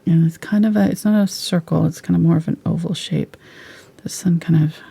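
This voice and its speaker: Woman art teacher, live tutorial, slightly husky low voice, relaxed chatty talk with soft whispered asides. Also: a little fast. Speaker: painting instructor.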